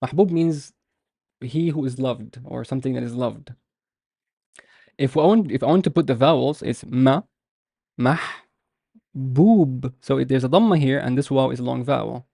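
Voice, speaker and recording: A man's voice: mid-range voice, gravelly, mellow, no echo, studio quality. A man teaching a beginners' language lesson, patiently explaining and repeating each word several times with frequent fillers. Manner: patient, repeats words slowly with many fillers.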